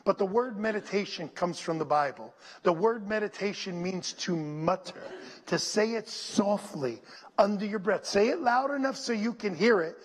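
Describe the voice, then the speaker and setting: A male pastor preaching a sermon, leading his congregation to repeat scripture lines and dropping to a near whisper on them. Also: sits high. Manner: slow, drops to a near whisper on scripture phrases; call-and-response with the congregation. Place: church sanctuary. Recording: long reverb in a large hall.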